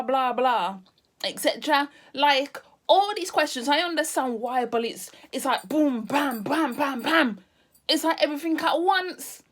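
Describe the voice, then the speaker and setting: A woman telling a casual storytime vlog, animated and exclamatory. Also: sits high. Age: 30s. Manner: animated, exclamatory, drifts into Caribbean patois. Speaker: vlogger.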